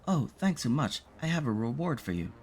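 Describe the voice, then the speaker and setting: A man's voice: mid-range voice, big pitch swings, a little fast, a little mellow, breathy edge, pitched above the performer's own voice. A man reading out the lines of a desperate village mother in a pleading way.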